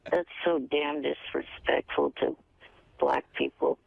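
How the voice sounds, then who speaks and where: A man as a radio guest, giving curt, defensive answers in a gravelly voice. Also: fairly high pitch, steady tone, unhurried, dry recording, narrow, tinny audio. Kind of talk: radio interview.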